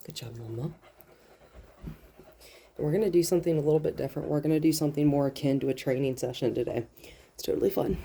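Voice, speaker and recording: A female dog trainer with a low-pitched voice explains her work while handling a nervous dog, occasionally slipping into soft, soothing talk.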